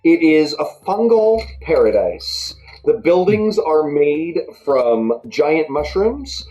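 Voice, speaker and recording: A woman runs a tabletop game, narrating in a relaxed, hesitant way. Her voice is low-set and mellow but lively in pitch, with faint background music. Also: slow, lo-fi sound. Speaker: game master.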